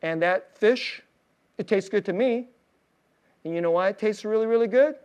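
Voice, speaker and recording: Korean-American pastor telling a warm story. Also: male voice, high voice, moderate pace, clean tone. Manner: conversational, personal storytelling with frequent soft laughs and filler "like"; drops to a hushed, tender voice on emotional points. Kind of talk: sermon.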